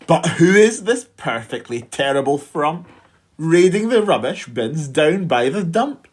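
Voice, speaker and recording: A woman's voice: low voice, unhurried, slightly rough. A woman teacher reading a rhyming picture book aloud for a school assembly from home. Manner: lively storytelling with exclaimed shouts.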